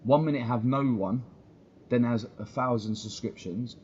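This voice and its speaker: A man's voice: medium pitch, normal speed, a little mellow. A man tears into his critics in a heated, swear-laden live-stream rant. His voice sits in an ordinary middle register. The stream audio is dull and lo-fi with a faint hiss underneath. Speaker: fan channel host. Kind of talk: ranting live-stream commentary.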